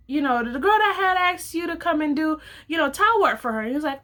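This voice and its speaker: Woman, young adult, bright voice, fairly high pitch, casual storytime, acts out quotes. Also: a little fast. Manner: animated, acts out quoted dialogue, casual slang. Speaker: vlogger telling a story.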